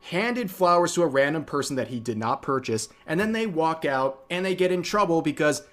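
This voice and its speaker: A man's voice: on the high side, expressive, fairly quick, fairly bright tone. A male commentary host with a slightly raised voice, narrating streamer clips. His delivery is dry and sarcastic.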